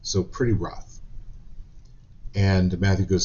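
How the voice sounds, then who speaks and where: A man with a very low voice leads a live-stream card reading, speaking casually and with lively storytelling. The sound is slightly dull and lo-fi. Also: unhurried. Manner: storytelling, animated retelling of quotes. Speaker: psychic reader.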